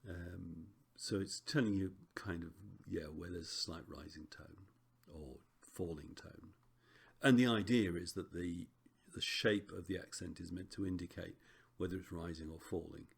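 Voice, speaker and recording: A man teaching a recorded Greek lesson, relaxed and chatty with frequent ums and self-corrections. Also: sits low, normal speed, creaky, a little hiss or hum.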